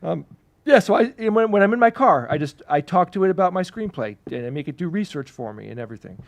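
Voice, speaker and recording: A man's voice: sits high, expressive, quick pace, creaky. A man co-hosting a casual podcast, talking enthusiastically and at length. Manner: enthusiastic, talkative. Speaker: podcast co-host. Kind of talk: casual chat on a livestream.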